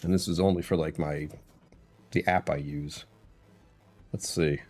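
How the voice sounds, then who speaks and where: A man with a very deep voice chats loosely through his own live stream, wandering between topics and chuckling often. He greets viewers one by one from his computer at home, with soft music playing behind him. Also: steady tone, a little slow, slightly rough. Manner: rambling, chuckles often, greets chat by name. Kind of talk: casual livestream chat.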